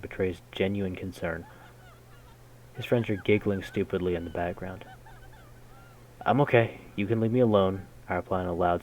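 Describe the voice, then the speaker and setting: A man reading a game's story text aloud in a measured way, breaking in with casual, slangy jokes as a gaming host. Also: deep voice, a little mellow, a little hiss or hum, low-quality recording. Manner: measured narration broken by casual slangy comments. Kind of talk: reading game text aloud with jokey asides.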